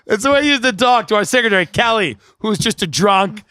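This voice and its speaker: A male comedian rambles through a funny story with quick asides and bursts of laughter. His voice is high and bright, with a sharp edge. The sound is dry and close to the mic. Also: expressive, dry recording. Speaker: podcast host, comedian. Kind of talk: comic storytelling. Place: outdoor deck.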